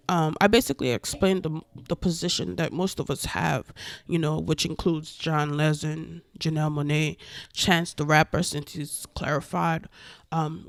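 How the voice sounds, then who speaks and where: A woman's voice: deep voice, no room sound, clean studio sound. Woman ranting animatedly. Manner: animated, profane, emphatic ranting. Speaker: vlogger. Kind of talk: casual opinion commentary.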